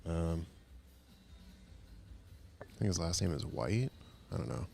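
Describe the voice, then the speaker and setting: A man commentating a pool match on his own late at night, rambling and self-mocking, keeping his voice soft. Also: lively intonation, slow, gravelly, soft background music. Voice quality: fake accent put on at times. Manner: keeps voice soft and low. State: tired after a long day.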